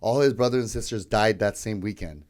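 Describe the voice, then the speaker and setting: Young adult male podcast co-host, slightly low voice, easygoing and chatty. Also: fairly quick, a little mellow. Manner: loose, chatty, lots of "like" and "yeah". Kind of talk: casual storytelling chat.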